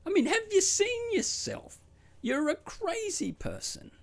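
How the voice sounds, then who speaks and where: A sharp, indignant young woman, as a man puts her on in a high falsetto. She swoops high and wide, pushing off an unwanted suitor with clipped impatience. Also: big pitch swings, normal speed, full character voice.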